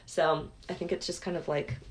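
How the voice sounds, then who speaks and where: A woman's voice: low-pitched, fairly even intonation, normal speed. Chatty young woman telling a story. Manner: chatty, lots of "like" and "um". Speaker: clip guest telling a story. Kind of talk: casual storytelling.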